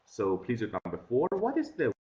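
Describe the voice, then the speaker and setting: Guy teaching english online, says things twice slow, kinda muffled lo-fi mic. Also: medium pitch, wildly swooping pitch, a loud crowd. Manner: patient, repeats questions and instructions slowly. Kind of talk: online class instruction. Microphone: computer mic on a video call. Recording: dull lo-fi video call audio.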